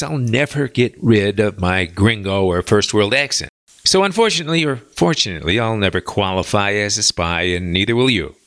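A chatty man from the United States hosts his own podcast and talks through a listener's email in a casual, folksy monologue. His voice sits fairly low, with a bright, forceful edge. The sound is dry and close, with no room echo. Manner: chatty, emphatic, folksy asides. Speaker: podcast host.

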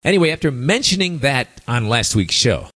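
A man's voice: medium pitch, very animated, normal speed, a bit bright. A middle-aged man hosting a talk show in a chatty, wry, monologue style. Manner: wry, chatty, reads listener emails aloud. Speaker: radio show host. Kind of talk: casual talk radio monologue.

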